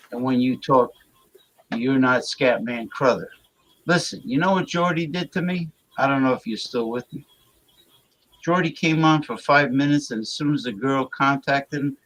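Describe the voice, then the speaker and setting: A male livestream host with a mid-pitched voice chats loosely with his viewers and reads their comments aloud. He is crude, rambles from topic to topic, and stumbles over repeated words. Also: normal speed, fairly bright tone, rough recording.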